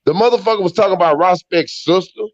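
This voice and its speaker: American guy on a call-in panel, high voice, swearing, keeps cutting back in, kinda dull dry audio. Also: fast talker, dry recording. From United States. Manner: profane, insistent storyteller who keeps talking over others. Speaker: panel guest. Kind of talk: heated call-in panel talk.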